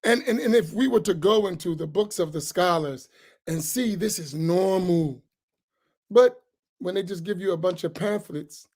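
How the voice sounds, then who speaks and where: A man's voice: high-pitched, normal speed, darkish tone. A man, an imam, teaching a religious class in a heated, sarcastic way full of rhetorical questions. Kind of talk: heated religious lesson, argumentative.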